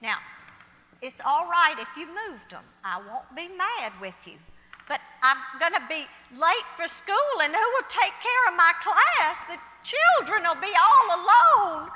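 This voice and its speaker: A woman playing a proud, sharp-tongued elderly lady on stage. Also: very high-pitched, big pitch swings, measured pace, heavily acted. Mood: confused, distraught. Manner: tart, prim scolding turning to distraught confusion. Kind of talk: live stage play. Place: theater stage. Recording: stage play in a reverberant auditorium.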